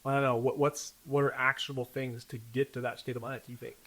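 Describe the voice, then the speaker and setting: Man, interview host, fast pace, upbeat, casual slang. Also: medium pitch, little pitch movement, a bit bright. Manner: upbeat, encouraging, frequent "man" and "dude". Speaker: podcast host.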